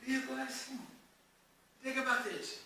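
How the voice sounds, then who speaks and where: Pastor, male, high and bright, emphatic sermon delivery; echoey church hall, mic at a distance, faint noise. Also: measured pace. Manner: emphatic preaching, acting out quoted voices.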